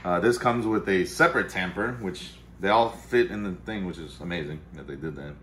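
A man's voice: low-pitched, fairly quick, heavy background noise. A man hosting a casual vlog at home, rambling and cursing, muttering to himself as he works. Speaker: vlog host. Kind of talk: casual chat while making coffee. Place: home kitchen-dining room.

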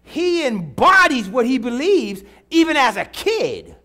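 A man's voice: very high voice, sing-song, a little slow, pushed and bright. A middle-aged man preaching a sermon in church, repeating his lines and calling out to the congregation. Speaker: pastor.

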